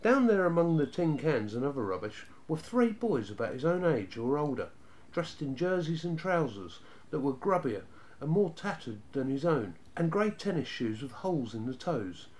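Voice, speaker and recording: A man narrating a children's storybook in a steady, even reading voice. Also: fairly high pitch, normal speed.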